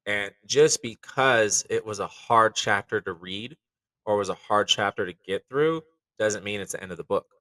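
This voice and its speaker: A man with a bright, forceful voice talks in an earnest, reflective way, dotted with fillers. His voice sits a little low. It is recorded dry but slightly off the microphone. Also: normal speed, no room sound, far from the mic, poor audio. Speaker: chef. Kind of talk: candid podcast conversation.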